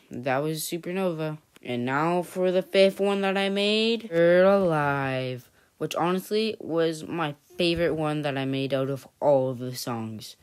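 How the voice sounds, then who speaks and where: A chatty vlog host with a mid-range voice, neither high nor low. The talk is loose and offhand, full of "and yeah" and "honestly" as it rambles through a casual recap. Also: clean tone. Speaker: channel host.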